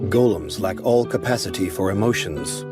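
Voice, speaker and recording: A man voicing a calm, emotionless stone golem lord in an anime English dub, speaking in a measured, flat way. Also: low-pitched, natural voice. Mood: calm, grave. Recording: soundtrack music behind.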